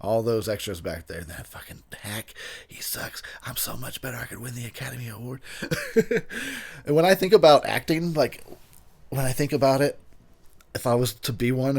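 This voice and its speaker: A tipsy man talks over a film in a loose, rambling commentary. He laughs often and lets his sentences trail and restart. His pitch leaps up when he jokes. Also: a little mellow. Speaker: movie commentary host. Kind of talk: casual drunken movie commentary.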